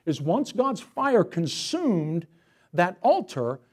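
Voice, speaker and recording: A male pastor preaching a sermon to his church, telling a story in an animated, storytelling way. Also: sits high, slow pace.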